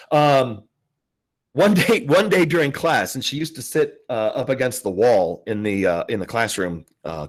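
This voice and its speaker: A man in his forties teaching a psychology class, talking casually with many fillers and restarts and playing out the voices of people in his story. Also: mid-range voice. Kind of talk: classroom lecture with anecdotes.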